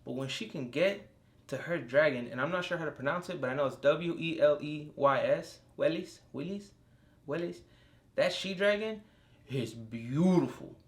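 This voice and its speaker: Excitable, foul-mouthed young man reviewing TV. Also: on the high side, moderate pace. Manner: excitable and profane, with outbursts of enthusiasm. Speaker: TV show reviewer. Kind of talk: casual solo review.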